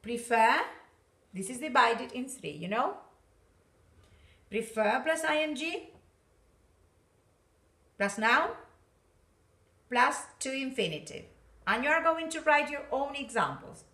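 A woman teaching an English class, slow and patient, often checking in with "yes, okay?". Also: high-pitched, expressive, sharp tone, recorded from a distance. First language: Spanish. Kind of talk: recorded online class. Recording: roomy, from off-mic.

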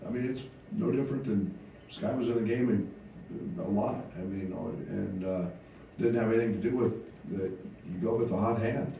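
A low, very dark-toned man speaks as a head basketball coach at a press conference, halting often with fillers and restarts. He sounds distant from the mic in a very echoey room with a faint hiss.

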